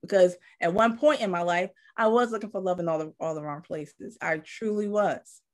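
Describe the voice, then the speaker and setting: A woman's voice: on the low side, moderate pace, a little mellow. Woman on a live talk show, heartfelt storytelling, does the voices when quoting folks. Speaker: co-host.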